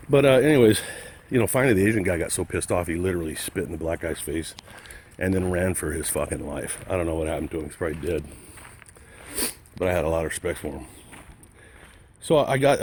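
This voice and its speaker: A man's voice: deep voice, expressive, a little fast, pauses often, a little mellow, a little hiss or hum. A man vlogging outdoors, ranting angrily and profanely in a rambling, casual way. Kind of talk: casual rant to camera.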